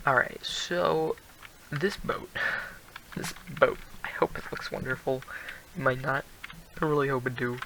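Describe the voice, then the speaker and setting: A man's voice: mid-range voice, unhurried, vocal fry, pauses often, a bit bright, a little hiss or hum, low-quality recording. A teenage boy casually commenting on his own building game, rambling and laughing at himself now and then. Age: teens. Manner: rambling, self-deprecating, laughs often. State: prone to coughing. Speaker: gaming video host.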